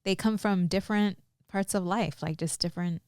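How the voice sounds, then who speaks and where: A woman's voice: lowish voice, fairly even intonation, moderate pace. A woman on a podcast, chatting casually and answering the stories with laughing, supportive remarks. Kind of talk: casual chat.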